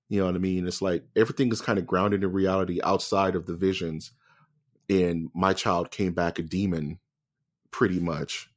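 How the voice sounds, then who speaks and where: A man co-hosting a podcast in casual chat, animated and joking with quick asides. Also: low-pitched. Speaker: podcast co-host.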